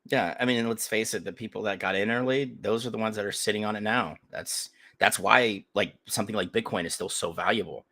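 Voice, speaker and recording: Bright-voiced, profane male podcast host. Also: fairly low pitch, brisk, few pauses. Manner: crude, animated, profane storytelling. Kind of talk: casual chat.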